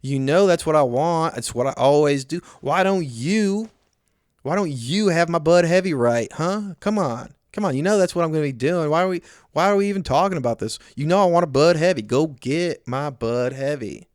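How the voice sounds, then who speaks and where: A man's voice: medium pitch, slow, few pauses, a little mellow, no echo, clean studio sound, natural voice. A man voicing a whiny, demanding guy who nags repetitively about his beer. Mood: irritated. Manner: nagging, repetitive, rising whine.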